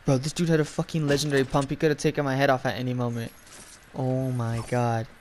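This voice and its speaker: A man's voice: medium pitch, steady tone, racing. Young man, casual gaming rant, profane, rambling, faint background hiss. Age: young adult. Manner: profane, rambling, lots of filler. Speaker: gaming storyteller.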